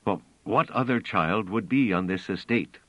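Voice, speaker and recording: A man's voice: fairly low pitch, normal speed, dry recording, voice pushed up, natural voice. A man playing an anxious, pleading scholar. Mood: earnest. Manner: pleading, half-strangled, over-earnest. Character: earnest, anxious male scholar, stuttering. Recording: dull, dry audio.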